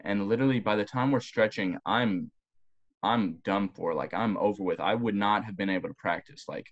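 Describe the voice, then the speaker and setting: Young man, low voice, casual podcast chat, swearing, animated, rambling anecdotes. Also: normal speed, muffled recording. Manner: rambling, profane, animated storytelling with voiced quotes. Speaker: guest, former college football player.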